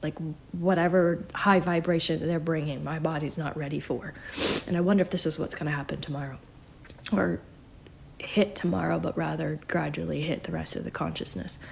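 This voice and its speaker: A shaken, emotional woman speaking haltingly as a psychic, often dropping into a whisper. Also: deep voice, steady tone, gravelly, darkish tone, slight background noise. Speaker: self-described psychic vlogger. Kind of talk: emotional spoken channeling.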